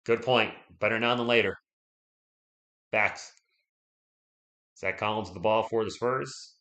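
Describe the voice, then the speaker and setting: A man hosting a live stream, giving casual play-by-play commentary, chatty and excitable, and talking straight to his viewers. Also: on the low side, measured pace. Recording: echoey room.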